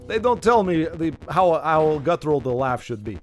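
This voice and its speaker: A man's voice: a little high, sing-song, normal speed, few pauses, faint music behind. Chatty man commenting on a game. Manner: rambling, self-interrupting asides while reading game dialogue. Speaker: gaming video host. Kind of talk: casual let's play commentary.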